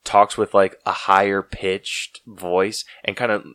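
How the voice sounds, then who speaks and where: A man hosting a casual podcast chat, excitable and full of "like" fillers. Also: on the low side, slow pace, smooth, no room sound. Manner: excitable, heavy use of "like" fillers. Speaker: podcast host.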